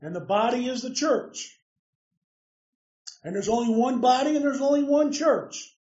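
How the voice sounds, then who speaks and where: A man's voice: very high-pitched, measured pace, darkish tone. A man preaching a sermon, emphatic, putting questions to his listeners and answering them himself. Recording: roomy, distant, dull lo-fi sound.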